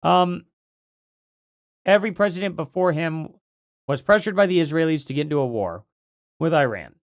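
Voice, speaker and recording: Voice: mid-range voice, lively intonation, normal speed, no echo, studio quality. A livestream host rambling casually through commentary, thinking aloud, with a voice that is starting to go.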